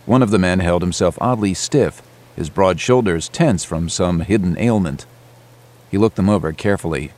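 A man reading an adventure audiobook in a steady, measured way. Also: low-pitched. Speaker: narrator. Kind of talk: audiobook narration.

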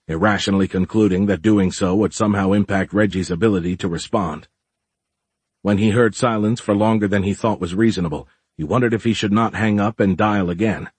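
A man reading a novel aloud in steady, measured audiobook narration. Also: fairly low pitch, breathy edge, dry recording.

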